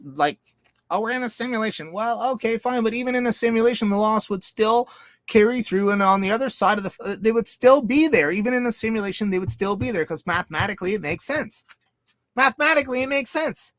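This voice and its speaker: A man talking in a loose, profane, rambling monologue, jumping between loud outbursts and low mutters. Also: expressive, fast talker, dry recording, studio quality. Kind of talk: casual monologue.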